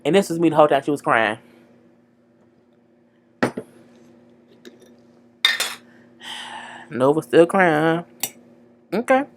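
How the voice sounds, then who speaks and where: A woman's voice: low voice, very slow, long pauses, background noise. A woman giving a chatty, frank recap of a TV episode, full of "girl" and "you know". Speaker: TV show recapper.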